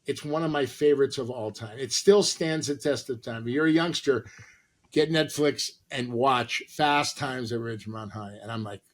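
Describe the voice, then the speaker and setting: A middle-aged man from Los Angeles, an actor and comedian, telling animated stories in an interview and acting out the people he quotes. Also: medium pitch, moderate pace. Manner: animated anecdotes with acted-out quotes. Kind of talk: storytelling interview.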